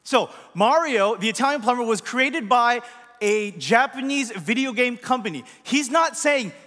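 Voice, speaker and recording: High bright-voiced man preaching in hall. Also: expressive, measured pace. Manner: chatty, asks the audience questions. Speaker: pastor. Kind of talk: conversational sermon. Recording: long reverb of a large hall.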